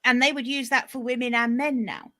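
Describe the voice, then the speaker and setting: Bright-voiced British woman chatting. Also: on the high side, steady tone, brisk. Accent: British English. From England. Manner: chatty, explaining with quoted phrases. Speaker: guest. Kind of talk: casual chat.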